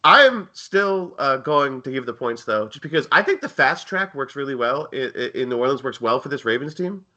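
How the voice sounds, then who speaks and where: A man's voice: mid-range voice, animated, moderate pace, pushed and bright, dull audio. A man co-hosting a casual sports betting chat, rambling and jokey with lots of fillers. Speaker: co-host.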